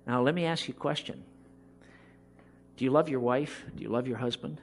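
A man's voice: medium pitch, a little fast, pauses often. A middle-aged man preaching a sermon, impassioned and emphatic. He acts out the voices of people he quotes.

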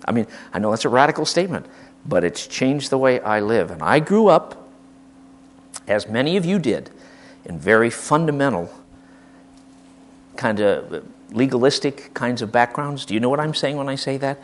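An older man from the Midwest, preaching a sermon in an impassioned, emphatic way, swinging from hushed asides to loud declarations. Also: mid-range voice, lively intonation, moderate pace, pauses often. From American Midwest.

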